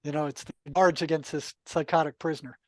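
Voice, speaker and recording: An older man, a retired therapist, telling anecdotes in a relaxed, conversational podcast interview, full of asides. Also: fairly high pitch, fast, dry recording. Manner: relaxed, anecdotal, many asides and "you know". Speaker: podcast guest, retired psychotherapist. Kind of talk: casual storytelling.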